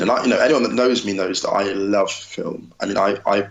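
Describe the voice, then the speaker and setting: A man talks as a podcast guest, enthusiastic and effusive as he tells his stories. His voice sits somewhat low. The room around him is noticeably echoey. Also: normal speed, hardly any pauses. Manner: enthusiastic, effusive, animated storytelling. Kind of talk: casual chat.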